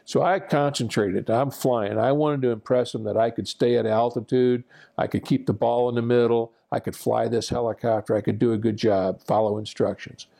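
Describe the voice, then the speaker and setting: Gravelly-voiced older man telling a war story. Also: medium pitch, steady tone, moderate pace, dark tone. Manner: rambling and self-deprecating, with fillers and restarts. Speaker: veteran pilot recounting war memories. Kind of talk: personal anecdote storytelling.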